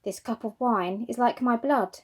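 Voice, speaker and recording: A woman voicing a calm, gentle man in a children's Bible story read aloud. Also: fairly high pitch, a little slow, slightly rough. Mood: solemn.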